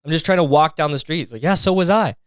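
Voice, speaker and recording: A man's voice: fairly high pitch, quick pace, no echo. A young man hosting a podcast, telling stories in a rambling, profane, joking way and mimicking people for laughs. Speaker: podcast host. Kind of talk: casual comedic monologue.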